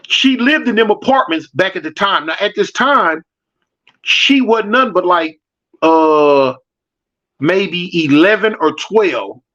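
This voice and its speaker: A man tells a street story in loose, slangy talk and acts out the voices of the people in it. His voice sits high for a man. The recording sounds muffled and lo-fi. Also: fairly bright tone. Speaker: storyteller answering live chat. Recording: dull lo-fi audio.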